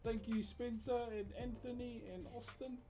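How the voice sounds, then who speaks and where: A young man with a New Zealand accent, chatting casually on a livestream, relaxed and reading out viewers' messages, on a headset mic. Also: extremely high pitch, normal speed, faint music behind. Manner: relaxed, chatty, reads out chat. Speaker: live streamer.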